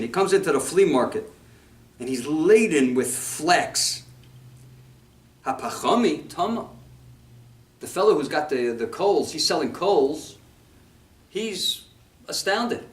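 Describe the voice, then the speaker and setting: A man giving a sermon as a rabbi, telling a story with lively emphasis and quoting Hebrew texts. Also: on the high side, measured pace, long pauses. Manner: animated storytelling, mixes Hebrew quotes and English. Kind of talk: sermon on scripture. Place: congregation hall. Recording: echoey room, mic far off.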